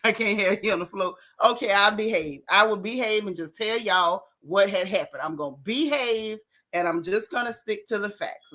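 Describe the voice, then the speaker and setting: A woman hosting a casual livestream, greeting viewers by name in a playful, animated way. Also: medium pitch. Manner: playful, animated, Southern-leaning slang. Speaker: livestream host. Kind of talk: casual live chat.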